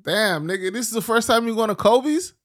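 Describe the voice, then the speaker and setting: A man's voice: high voice, lively intonation, a little fast, a bit bright. A man in a casual chat, teasing his friends bluntly in slang.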